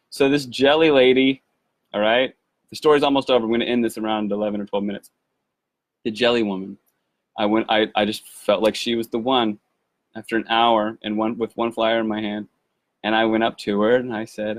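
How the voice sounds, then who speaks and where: A man's voice: mid-range voice, normal speed, dry recording. A man telling a rambling, enthusiastic personal story to his viewers, with many restarts. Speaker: activist video maker. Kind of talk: casual storytelling to camera.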